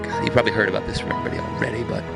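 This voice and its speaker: A man playing a bitter gravelly ex-friend. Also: fairly low pitch, level tone. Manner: bitter, halting, many fillers. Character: bitter resentful male ex-friend. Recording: clear music behind.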